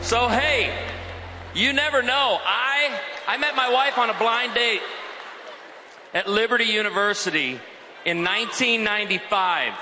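A man's voice: high-pitched, unhurried, over music. A man in his forties giving a humorous, emphatic sermon to a live audience. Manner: animated, emphatic, joking. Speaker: guest speaker. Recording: reverberant hall, faint ambience.

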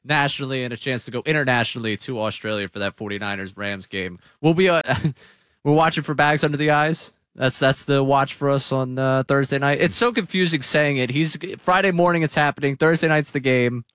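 A man hosting a sports radio show, leading the segments with quick, joking banter. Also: medium pitch, a bit bright, smooth, no echo, studio quality.

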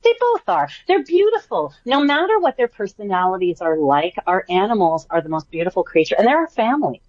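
A woman's voice: medium pitch, very animated, a little fast, no room sound, lo-fi sound. A woman who works as an animal communicator, talking chattily and enthusiastically as a guest in a radio interview. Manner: warm, chatty, enthusiastic, many fillers.

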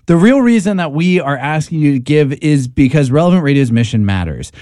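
A man's voice: a little high, animated, a little fast, darkish tone, no echo, clean studio sound. A man co-hosting a radio pledge drive, making an earnest, persuasive appeal. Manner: earnest, persuasive, stumbles when fired up. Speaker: radio co-host.

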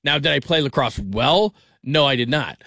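A man's voice: mid-range voice, animated, normal speed, pushed and bright, no room sound. A man hosting a late-night sports talk radio show, rambling and restarting his sentences and laughing often. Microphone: studio microphone. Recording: dry close studio sound.

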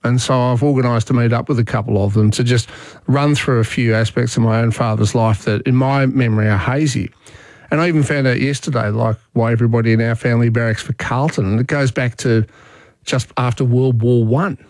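A man's voice: medium pitch, brisk, no echo. A middle-aged man chats loosely on talkback radio, trailing into fillers and restarts as he thinks aloud. His voice is close and dry, with nothing of the room around it. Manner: relaxed, chatty, frequent fillers and restarts. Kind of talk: casual talkback radio chat. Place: radio studio.

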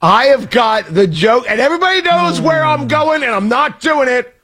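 A man's voice: very high-pitched, animated, normal speed, pushed and bright. A male radio host talking in loose, jokey on-air banter, laughing often and mocking himself.

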